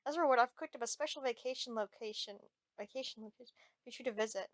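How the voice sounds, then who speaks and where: A woman's voice: fairly high pitch, fast, dry recording, clean studio sound, natural voice. A woman voicing a pompous male school principal and ringmaster in a dating-sim game, announcing things in a showy way.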